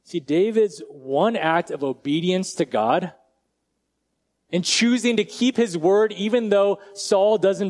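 Male pastor, conversational sermon, slightly higher voice, relaxed and direct, quiet slow emphasis on key lines.

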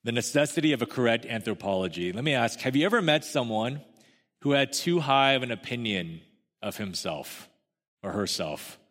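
A man's voice: medium pitch, expressive, moderate pace, a bit bright. A young adult man preaching a sermon to a congregation, speaking in a conversational, emphatic way with asides to the listeners. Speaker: pastor. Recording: long hall reverb.

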